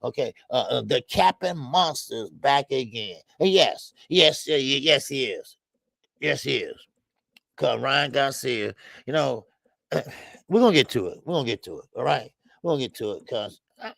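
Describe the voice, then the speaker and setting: Gravelly-voiced man hosting a boxing livestream. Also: fairly high pitch, fairly bright tone, dry recording. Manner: loose slangy banter, reads viewer names aloud. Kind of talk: casual livestream chat, greeting chat viewers.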